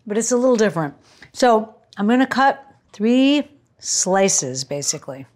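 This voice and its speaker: A woman's voice: fairly high pitch, big pitch swings, slow, pauses often, darkish tone. A woman hosting a cooking show, chatting to viewers in a gushing, casual way as she demonstrates a recipe.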